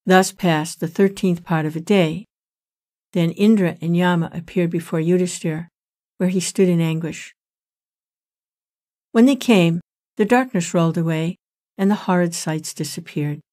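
Woman narrator, lowish voice, measured solemn storytelling. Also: dark tone. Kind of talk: scripted narration of a sacred epic.

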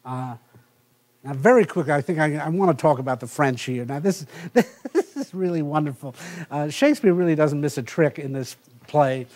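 A middle-aged male professor giving a university lecture, halting with many filler sounds and restarts and reading passages aloud. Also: a little high, animated, a little mellow. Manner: reads passages aloud from the text.

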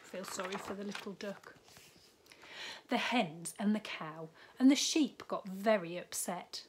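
Woman teacher, storytime read-aloud for small kids, slow and gentle, faint background ambience. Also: mid-range voice, background noise. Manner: gentle, unhurried, with asides to the children. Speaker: primary school teacher. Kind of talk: reading a picture book aloud to young children.

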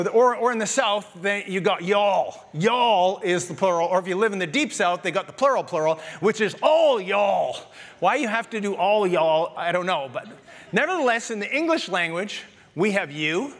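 A Canadian pastor preaching a sermon to his congregation in a lively, conversational way, with jokes and asides to the people in the pews. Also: high voice, long reverb tail. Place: church sanctuary.

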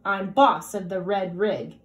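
A woman voicing a bossy, stubborn female cow who talks slowly and loudly. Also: medium pitch, steady tone, natural voice. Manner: slow, loud and bossy.

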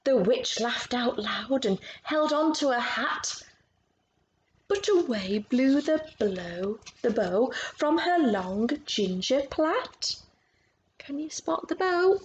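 Woman reader for children's storytime, slow and expressive, questions to little listeners. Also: a little high, highs cut off, slight background noise. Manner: expressive, asks listeners questions about the pictures. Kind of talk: reading a picture book aloud to children.

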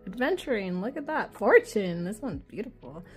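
A woman's voice: mid-range voice, very animated, moderate pace, breathy edge, soft background music. Chatty, giggly woman rambling over cards. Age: adult with a child. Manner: chatty, giggly, self-deprecating, easily sidetracked. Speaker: oracle deck reviewer. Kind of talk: casual chat while flipping through cards.

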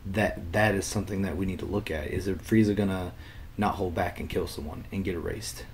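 Low-voiced man rambling through a discussion. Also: fairly even intonation, brisk, slight background noise. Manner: rambling, many fillers and restarts. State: under the weather, slightly ill. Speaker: channel host. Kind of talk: casual episode discussion. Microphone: computer webcam mic.

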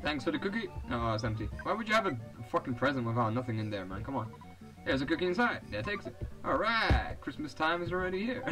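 A man's voice: medium pitch, sing-song, fast, hardly any pauses, over music, rough recording. A young man giving casual, profane commentary over a video game, reading its text aloud and laughing often. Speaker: let's play host.

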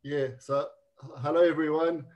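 A South African man in his forties telling a joke as a guest, with halting restarts. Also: on the high side, little pitch movement, darkish tone. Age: 40s. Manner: jokey storytelling, halting restarts. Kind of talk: casual anecdote.

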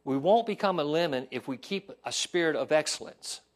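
Pastor, male, high-pitched, lively pulpit delivery, asks congregation for responses. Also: brisk. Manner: animated preaching with call-and-response asides. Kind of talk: sermon. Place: church sanctuary.

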